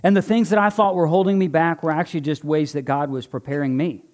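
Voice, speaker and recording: A male pastor preaches to his congregation in a warm, conversational tone. His voice sits a little higher than most men's. He moves between earnest exhortation and light joking with the people in front of him. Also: fairly even intonation, fast talker. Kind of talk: sermon with live object lesson. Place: church before a congregation.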